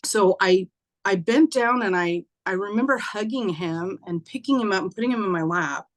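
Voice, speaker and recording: A woman telling a personal story, halting and acting out a child's voice softly. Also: medium pitch. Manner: halting, acts out dialogue softly. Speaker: guest. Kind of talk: emotional storytelling.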